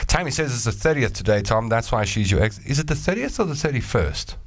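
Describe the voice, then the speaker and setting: A man's voice: medium pitch, sing-song, fast, dry recording, studio quality. A South African man hosting a casual solo chat show, reading out listener messages with a playful, joking, rambling manner. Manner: playful and jokey, rambling asides.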